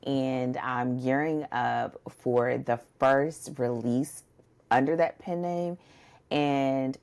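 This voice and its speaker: Very low-voiced woman, chatty, gravelly. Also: steady tone, takes it slowly, darkish tone. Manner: rambling, chatty, says "y'all" and "listen" often. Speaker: podcast co-host, book coach and editor. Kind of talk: casual chat.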